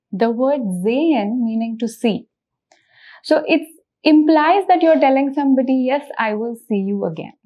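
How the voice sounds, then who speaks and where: A woman's voice: high-pitched, mellow. A woman teaching a language lesson, patiently repeating words and breaking them into syllables. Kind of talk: slow spoken language lesson.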